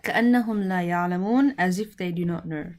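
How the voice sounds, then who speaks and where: A woman teaching Arabic grammar in English, speaking slowly and deliberately and repeating each word with its meaning. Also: lowish voice, a little mellow.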